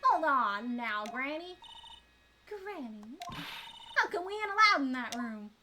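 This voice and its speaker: A woman's voice: high voice, sing-song, a little slow, heavy background noise. Woman putting on a brash southern gal. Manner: folksy, boisterous.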